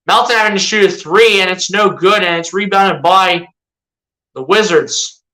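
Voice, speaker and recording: A low-quality recording captures a basketball fan's live play-by-play, delivered at normal speed in a bright, forceful mid-range voice. He sounds fed up, peppering the team with rhetorical questions while chatting, self-correcting, and repeating himself.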